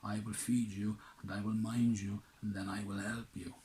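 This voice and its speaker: A kindly old nodding witch woman from a storybook, read by a man. She speaks calmly and instructively, in a low, plain voice. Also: moderate pace, close to an everyday voice. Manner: calm and instructive.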